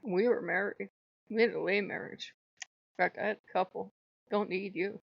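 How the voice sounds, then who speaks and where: A woman's voice: mid-range voice, fairly even intonation, moderate pace, gravelly, highs cut off. A woman hosting her own channel, telling a story in a blunt, profane, casual way with laughing asides. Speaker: channel host.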